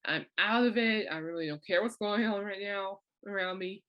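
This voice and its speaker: A woman's voice: medium pitch, normal speed, lo-fi sound. A middle-aged woman hosting a podcast, chatting through a personal story, laughing often and acting out what others said. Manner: chatty, laughs often, acts out quoted people. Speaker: podcast host. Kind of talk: casual storytelling monologue.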